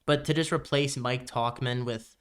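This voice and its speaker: A man's voice: medium pitch, moderate pace, clear, resonant tone. A young man co-hosting a podcast, chatting casually and a bit rambling about baseball, with the hiccups. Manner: relaxed, rambling with fillers. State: has the hiccups. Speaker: podcast co-host. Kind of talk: casual sports chat.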